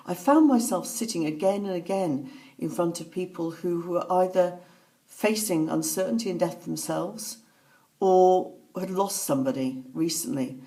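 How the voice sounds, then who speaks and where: A woman speaking softly and haltingly, telling a personal story as reflective testimony. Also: on the low side. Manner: soft-spoken, halting, with pauses and fillers. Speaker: author recounting a personal story.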